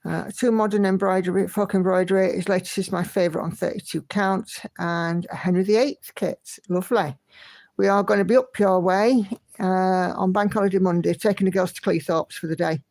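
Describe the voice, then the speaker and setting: A woman hosts a relaxed livestream from home, greeting viewers by name in a friendly, chatty way. Her voice has a gravelly edge, and the sound is dry and close. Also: lowish voice, fairly quick, dry recording. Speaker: livestream host. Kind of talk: casual livestream chat, reading viewer comments.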